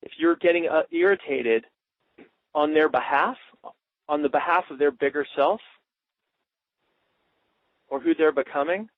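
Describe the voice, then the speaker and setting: A man's voice: a little high, a little slow, long pauses, no room sound. Male coaching trainer, loose and demonstrative, on a dry phone line.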